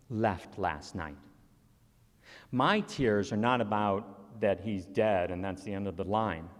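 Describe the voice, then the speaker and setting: A man giving a conference presentation, earnest and conversational, telling personal stories with open emotion. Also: medium pitch. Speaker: conference speaker. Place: conference hall. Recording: long reverb of a large hall.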